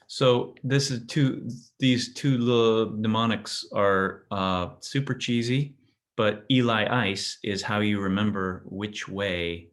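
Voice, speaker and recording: A physics teacher with a lowish, slightly bright voice speaks casually to his class. He keeps cutting himself off to start sentences over, checking in with "right?".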